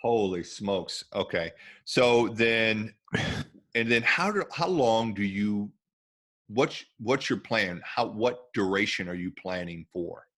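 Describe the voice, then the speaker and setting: Affirming man podcast host, low voice. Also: animated, slow pace, a bit bright. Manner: responsive, exclaims, affirming. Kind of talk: casual podcast interview.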